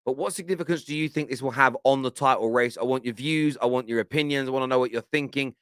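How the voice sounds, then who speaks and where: Animated man hosting football reactions. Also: mid-range voice, fast, clean tone, no echo. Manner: animated, exasperated, laughs often. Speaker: football fan channel host. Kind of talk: reaction commentary on radio clips.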